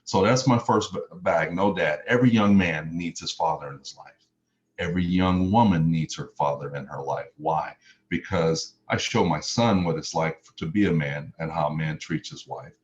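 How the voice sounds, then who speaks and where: A man's voice: low-pitched, moderate pace, lo-fi sound, a little hiss or hum. A middle-aged man from Mississippi, giving an earnest personal testimony as a motivational speaker, stacking up repeated phrases for emphasis. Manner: earnest, repetitive lists with emphatic rises.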